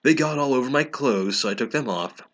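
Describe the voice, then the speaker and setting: A man giving a sarcastic, mocking dramatic reading, deadpan and laughing at the text. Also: medium pitch, brisk. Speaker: comedic reader.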